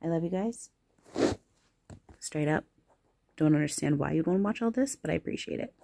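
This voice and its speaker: A woman vlogger talking casually to her viewers from close to the camera, rambling, giggling and teasing herself, with warm affection for her audience. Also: deep voice, expressive, moderate pace, gravelly, slight background noise. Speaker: spiritual channeler and vlogger. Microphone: camera close to face.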